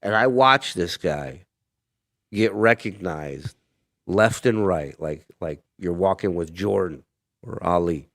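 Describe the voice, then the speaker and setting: Low-voiced profane man telling stories. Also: dry recording, clean studio sound. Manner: profane, animated storyteller doing quick voices for people in his tales. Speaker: guest, comedian. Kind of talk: casual storytelling interview.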